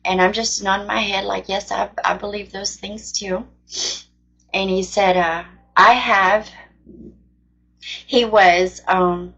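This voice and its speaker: A woman's voice: mid-range voice, fairly bright tone, dull audio. A woman telling a personal testimony of faith in a casual, earnest, rambling way. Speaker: faith storyteller.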